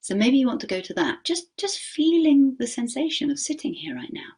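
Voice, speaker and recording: Her voice is high-pitched with big swings in pitch as she leads a mindfulness session for teachers. She questions the group, keeps checking in with "okay?", and slows down gently whenever she guides them through a practice.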